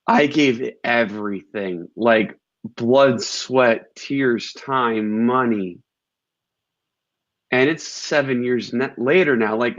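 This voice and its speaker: A man hosting an interview, who talks in a candid and reflective conversational way. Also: on the low side. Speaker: host. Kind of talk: casual interview chat. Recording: dull lo-fi sound.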